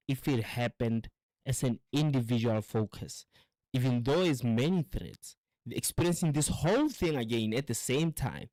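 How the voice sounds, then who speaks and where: A man's voice: mid-range voice, dry recording, poor audio. A man hosting a casual show, rambling in a profane, philosophical monologue that jumps from storytelling to musings. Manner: acts out quotes in animated voices. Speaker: show host.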